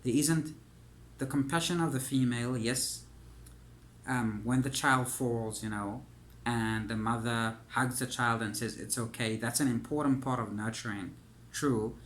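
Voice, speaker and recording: Halting man full of "you know". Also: medium pitch, steady tone, a bit bright, slight background noise. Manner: halting, filler-heavy, says "you know" constantly. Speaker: coach. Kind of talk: monologue.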